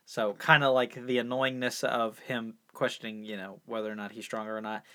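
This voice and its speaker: A man's voice: medium pitch, level tone, a little fast, sharp tone. A man co-hosting a casual podcast, rambling through an episode recap with many fillers and chuckles. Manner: rambling, filler-heavy, amused. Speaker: podcast co-host.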